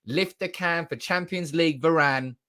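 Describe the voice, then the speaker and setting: A young man hosts a live fan stream, his voice sitting a little high. He is giddy and loud, swearing freely and laughing as he reads viewers' comments aloud into his desk mic. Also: moderate pace. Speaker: fan channel livestream host. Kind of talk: excited live-stream reaction.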